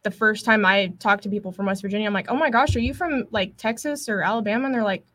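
A woman's voice: mid-range voice, fast, a bit bright. A woman co-hosting a podcast, chatting casually and asking questions. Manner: curious, asks questions. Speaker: podcast co-host. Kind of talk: casual chat.

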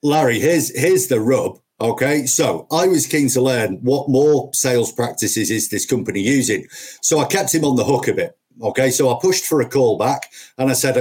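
A man's voice: mid-range voice, lively intonation, normal speed, darkish tone, breathy edge. A middle-aged man, a podcast guest who trains salespeople, telling stories in an emphatic, punchy way full of repetitions. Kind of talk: conversational storytelling.

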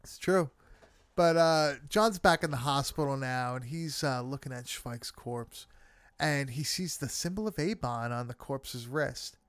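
Man, casual film recap, loose and sweary, smooth clear voice, dry close sound. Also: mid-range voice, measured pace, fairly bright tone, dry recording. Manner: loose, swearing, many fillers.

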